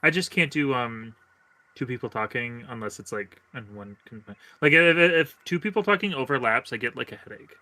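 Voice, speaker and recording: A man's voice: mid-range voice, expressive, moderate pace, sharp tone, no room sound. A man streamer chatting casually while gaming, telling rambling, self-deprecating stories.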